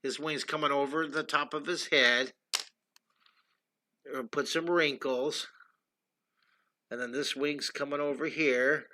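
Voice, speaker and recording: An older man teaches drawing on a casual livestream, talking in a chatty and enthusiastic way and calling out to his viewers as he sketches. His voice is very bright, sitting a bit high for a man. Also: fairly even intonation, slow, long pauses. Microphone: computer streaming setup.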